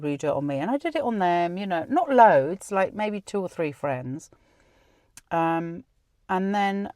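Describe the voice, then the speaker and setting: A woman's voice: low-pitched, darkish tone, no echo, clean studio sound. Chatty woman telling a story. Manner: chatty, many restarts and quoted dialogue. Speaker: podcast host. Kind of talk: personal storytelling.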